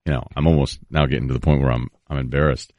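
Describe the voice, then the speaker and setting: A low-voiced man hosts a radio talk show, speaking quickly and with a wry self-deprecating edge. He is recorded dry on a close studio microphone, with no room sound. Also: fairly even intonation, no room sound, muffled recording. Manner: fast, reflective, self-deprecating.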